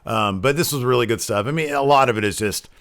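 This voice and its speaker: A man's voice: medium pitch, quick pace, fairly bright tone, no room sound. A man co-hosting a wrestling podcast, chatting casually, laughing easily and drifting into asides. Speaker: podcast co-host. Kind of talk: casual wrestling review chat.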